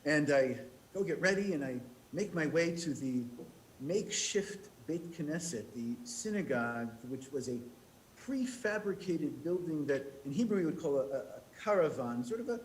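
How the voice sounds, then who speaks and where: Storytelling American man, higher voice. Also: lively intonation, a little hiss or hum, rough recording. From United States. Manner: anecdotal, humorous, quick restarts. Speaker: rabbi leading Shabbat services. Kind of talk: storytelling sermon.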